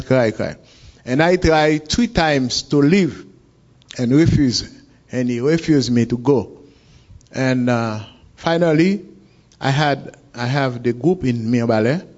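Slow, halting man with a Haitian accent. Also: mid-range voice, darkish tone. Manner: halting, searching for words in English. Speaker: guest telling his story. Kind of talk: personal account in an interview. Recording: dull lo-fi recording.

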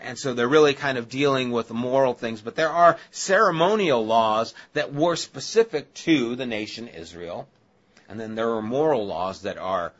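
A man's voice: mid-range voice, fairly bright tone, dull audio. A male pastor giving a conversational Bible-study sermon, casual and chatty, with asides to the listeners.

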